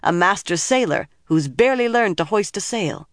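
Narrator doing a stern old lady leader, hard dry voice, commanding, mid pitch, no room sound. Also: animated, normal speed, dry recording, lightly acted. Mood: scornful. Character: stern older woman leader, commanding and shrewd.

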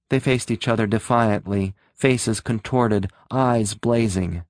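In clean studio sound with no echo, a male audiobook narrator of medium pitch tells a story. His scripted narration is steady and measured.

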